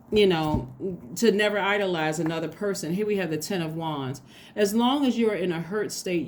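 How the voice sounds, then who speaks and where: A woman's voice: on the low side, darkish tone, slight background noise. A woman giving a tarot reading, speaking earnestly and straight to the listener, often repeating herself. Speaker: tarot reader.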